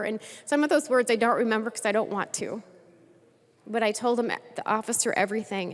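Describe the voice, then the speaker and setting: Woman telling her story in a reverberant chamber. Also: a little high. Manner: earnest storytelling with acted-out quotes. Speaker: state legislator. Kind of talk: floor speech telling a personal story. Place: legislative chamber. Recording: long reverb of a large chamber.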